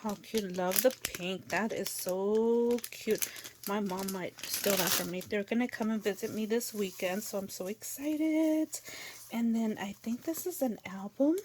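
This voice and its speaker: A woman's voice: mid-range voice, a little slow, noisy background. A woman hosting a crafting channel, opening craft mail indoors and gushing over each item as she chats to viewers. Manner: gushing, exclaims often, talks to viewers. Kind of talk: casual unboxing chat.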